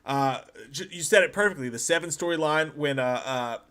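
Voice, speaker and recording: Bright-voiced excitable man. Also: fairly high pitch, moderate pace. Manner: excited, profane, often laughing. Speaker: podcast co-host. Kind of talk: casual movie chat on a livestream.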